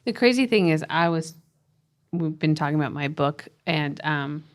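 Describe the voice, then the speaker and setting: A woman co-hosting a parenting podcast, earnestly telling a family story in casual chat, with quick restarts and soft laughs. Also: deep voice, lively intonation. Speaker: podcast co-host and parenting author.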